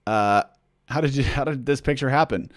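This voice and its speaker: A man's voice: medium pitch, moderate pace, no echo, clean studio sound. A man chatting casually on a livestream, answering fan questions in a rambling way, with lots of fillers and self-deprecating jokes.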